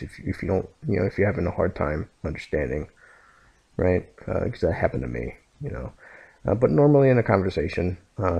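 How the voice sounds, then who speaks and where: A man's voice: deep voice, lively intonation, normal speed, vocal fry, dark tone, breathy edge. A man from the United States, explaining a language lesson over a screen recording, full of fillers and "okay?" checks. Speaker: language teacher.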